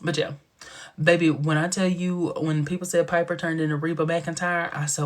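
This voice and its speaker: A man hosting a casual livestream chat, telling stories in an animated way, acting out quotes and dropping into whispered asides. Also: on the high side, normal speed. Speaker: livestream host.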